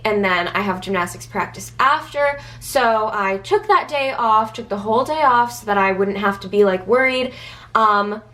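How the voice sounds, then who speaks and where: A woman's voice: fairly high pitch, fairly bright tone. A young woman with a stuffy nose, telling a casual vlog story in a chatty, anxious way, full of "like" fillers. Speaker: vlogger.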